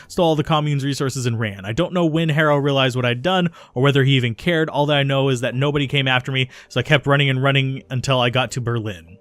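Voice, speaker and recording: A remorseful young woman haunted by her time in a cult tells her confession slowly and steadily, as a man reads her game dialogue aloud. The voice sits at a middle pitch and moves along briskly, recorded dry and close with no room sound. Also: no room sound, close to an everyday voice. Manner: steady confessional reading with small slips. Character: remorseful young woman, former cultist turned runner.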